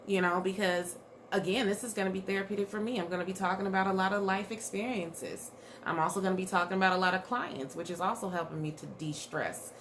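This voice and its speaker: A woman's voice: fairly low pitch, fairly bright tone, a little hiss or hum. A woman mental health therapist talking candidly to her viewers in a loose, conversational way, with plenty of fillers and restarts. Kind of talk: casual talk to camera.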